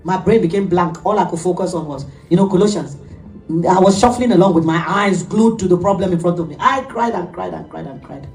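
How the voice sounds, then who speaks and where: A middle-aged woman pastor preaching an animated sermon, laughing often as she tells stories. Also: lowish voice, brisk, soft background music. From Nigeria. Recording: echoey room, heard from a distance.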